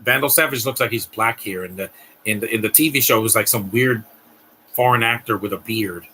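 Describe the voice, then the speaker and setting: A man's voice: fairly low pitch, a little fast, sharp tone, a little hiss or hum, rough recording. A man hosting a live stream, giving a blunt, ranting movie reaction commentary with frequent restarts.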